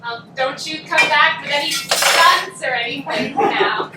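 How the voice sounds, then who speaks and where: An actress playing a giggly, timid young wife in a live stage play. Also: female voice, sits high, measured pace. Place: theatre stage. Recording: very roomy stage audio from far off, loud noise.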